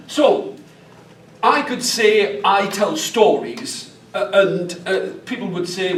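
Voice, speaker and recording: A man's voice: high-pitched, sing-song, slow pace. A man with a Northeast English accent, a storyteller leading a workshop, chatty and playful with the audience. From northeast England. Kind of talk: live workshop talk to an audience. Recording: echoey room, mic far off, faint background noise.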